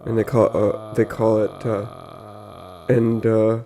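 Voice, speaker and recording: A man co-hosting a casual comedy podcast, telling stories with dry, deadpan jokes. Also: on the low side, slow pace, creaky.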